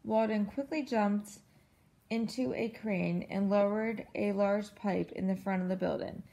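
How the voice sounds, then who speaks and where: A woman's voice: mid-range voice, steady tone, a little slow, warm tone, low-quality recording. Woman reading a picture book aloud. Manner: clear, patient storytelling delivery. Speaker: parent reading to a child. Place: at home.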